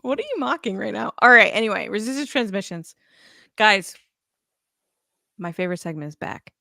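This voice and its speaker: A woman's voice: medium pitch, lively intonation, normal speed, vocal fry, pushed and bright, no room sound, clean studio sound. A woman co-hosting a podcast in casual chat, reading out listener answers with a teasing, giggly manner. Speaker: podcast co-host.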